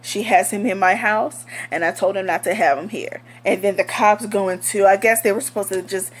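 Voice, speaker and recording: A woman's voice: medium pitch, steady tone, fairly quick, breathy edge. A young woman telling a storytime vlog in a blunt, heated, profane way. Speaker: vlogger.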